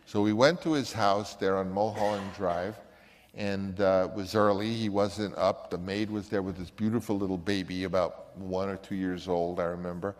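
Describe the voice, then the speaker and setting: A man's voice: low voice, normal speed. Older man telling a story with reverb. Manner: animated, acts out the voices of others. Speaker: filmmaker recounting a story. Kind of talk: anecdotal storytelling.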